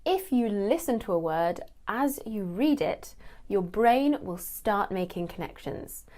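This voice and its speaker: A woman gives a scripted lesson to camera, speaking clearly and slowing down to model how words are pronounced. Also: medium pitch, lively intonation, a little mellow. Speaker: English teacher.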